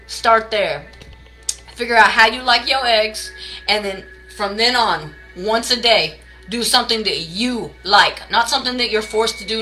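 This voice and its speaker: A medium-pitched, pushed and bright voice belongs to a woman reading tarot on a late-night live stream at home, heard through poor audio. She's blunt, ranting and heavily profane, calling her audience baby and y'all and greeting chatters by name.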